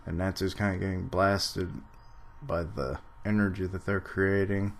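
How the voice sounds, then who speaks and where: Slow-talking man reacting to a manga. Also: low-pitched, flat delivery, slight background noise. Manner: reads panels aloud then comments, dry sarcastic asides; clears throat, mentions allergies. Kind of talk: casual live reading and reaction.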